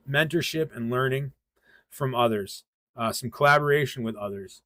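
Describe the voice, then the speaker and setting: Hosting a livestream, a tarot reader from western Massachusetts gives casual live readings, relaxed and rambling with plenty of ums and uhs. His middle-pitched voice keeps a moderate pace, and the audio is dry and close with no room echo.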